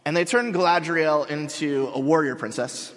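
A man's voice: a little high, normal speed, a bit bright. A male pastor giving a sermon in a casual, joking, conversational way. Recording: long hall reverb.

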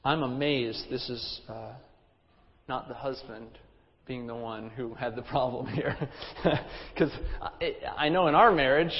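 Pastor preaching in a reverberant hall. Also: male voice, medium pitch, dull audio. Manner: conversational and anecdotal, with humorous asides. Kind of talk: sermon.

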